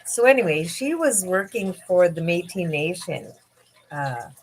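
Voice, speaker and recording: A middle-aged woman hosting a casual livestream, talking in a halting way with many fillers and frequent laughs, tired and yawning. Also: on the low side, big pitch swings, slight background noise. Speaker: livestream host.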